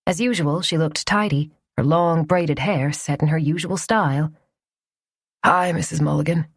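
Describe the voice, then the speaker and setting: A woman narrating a romance audiobook in a soft, even storytelling voice. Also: low-pitched, normal speed, no echo, studio quality.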